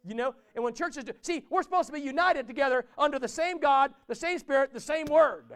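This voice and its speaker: A man's voice: very high voice, fairly quick, fairly bright tone. A man preaching a conversational sermon in a church, often asking his listeners questions. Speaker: pastor.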